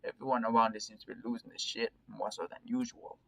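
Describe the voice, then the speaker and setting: A man voicing a gruff young male dealer who talks bluntly and crudely, reading a game aloud. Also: lowish voice, flat delivery, fast talker, fairly bright tone, rough recording. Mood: offhand.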